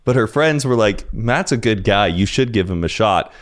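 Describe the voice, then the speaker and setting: A young man chats as a podcast guest, his voice slightly low. He rambles through his stories in a loose, laid-back way, full of casual fillers. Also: lively intonation, moderate pace. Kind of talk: casual storytelling.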